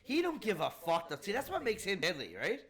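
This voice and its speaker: A man's voice: sits high, wildly swooping pitch, a little fast, a crowd in the background. A man hosting a podcast, chatting casually and bluntly, swearing and mimicking officials. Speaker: podcast host. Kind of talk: casual chat.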